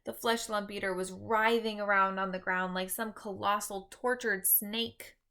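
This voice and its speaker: A woman teacher reads a children's story aloud, her narration expressive and dramatic. Her voice is bright. She tells the story with lively emphasis. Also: medium pitch, measured pace.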